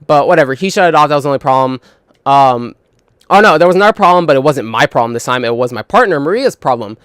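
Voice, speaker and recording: A man's voice: mid-range voice, expressive, fast, fairly bright tone, clean tone, dry recording, clean studio sound. A young man telling work stories in a casual, profane, rambling monologue full of fillers and retold dialogue. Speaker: gaming channel host.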